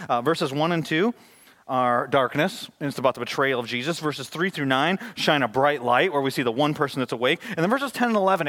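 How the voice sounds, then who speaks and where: A man preaching a sermon as pastor, emphatic and swinging widely between loud and soft. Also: mid-range voice. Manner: emphatic, varies volume widely.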